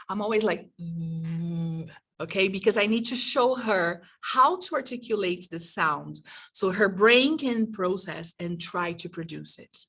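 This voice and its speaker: A woman's voice: medium pitch, a bit bright, breathy edge, distant mic. A woman teacher trainer leading an online workshop, demonstrating and exaggerating mouth sounds in an encouraging way, heard over a video call.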